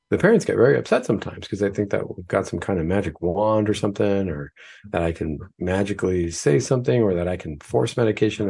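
A man with a low, gravelly voice speaks in a talk-show monologue, earnest and explanatory, quoting the people in his stories. His tone is dark and a little husky. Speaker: psychiatrist and radio show host.

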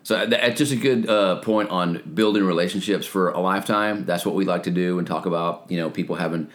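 A man in his late forties co-hosting a podcast. He chats in an easygoing way, and his voice is scratchy from shouting. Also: steady tone, brisk. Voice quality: deep, scratchy. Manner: easygoing, laughs often. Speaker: podcast co-host. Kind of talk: casual podcast chat.

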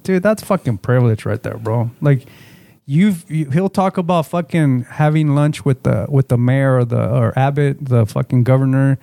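A man's voice: medium pitch, normal speed, vocal fry, mellow, no echo. A man co-hosting a casual podcast, talking in a profane, rambling way full of filler words. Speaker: podcast co-host.

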